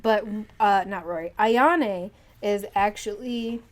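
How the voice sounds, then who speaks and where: A woman's voice: mid-range voice, slow. Chatty young woman co-hosting. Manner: excitable, laughing, self-deprecating. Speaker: comic podcast co-host. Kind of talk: casual chat. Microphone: camera mic.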